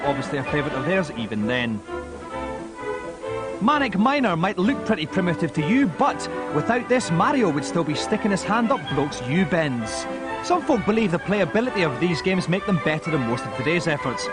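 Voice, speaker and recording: A man's voice: high voice, very animated, fairly quick. A man hosting a games show, delivering wisecracking scripted voice-over narration. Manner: cheeky, wisecracking. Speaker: host. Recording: voice-over with loud music underneath. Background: loud music.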